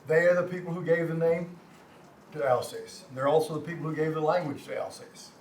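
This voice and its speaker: An older man with a Texan accent lectures a community class from slides, stumbling over and repeating words, with folksy asides. His voice sits a little high and reaches the mic from across an echoing room, with faint background hum. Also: fairly even intonation, a little fast, far from the mic. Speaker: language class teacher.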